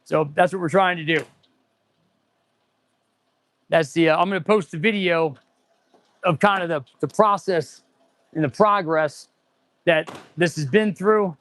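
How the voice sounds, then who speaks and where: A man's voice: on the high side, a little slow, long pauses, fairly bright tone. A man in his forties, an auto mechanic hosting a casual livestream, rambling and answering viewer chat as he goes. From United States.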